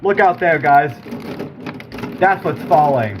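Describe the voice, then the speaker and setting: A man at home filming a severe storm out his window, giving excitable, exclamatory live commentary to his viewers. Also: medium pitch, normal speed. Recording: heavy rain and hail noise. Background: rain and hail pounding.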